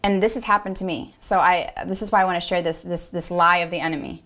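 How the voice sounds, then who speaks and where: A woman's voice: on the low side, steady tone, quick pace, fairly bright tone. A woman apostle giving a devotional podcast teaching. She is earnest and encouraging, repeats affirmations and talks conversationally with many fillers.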